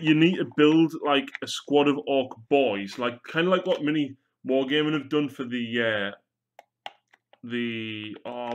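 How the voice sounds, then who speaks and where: A man's voice: mid-range voice, muffled recording. A young man, chatting casually and joking while he paints miniatures on a live stream. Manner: joking, rambling, swears casually.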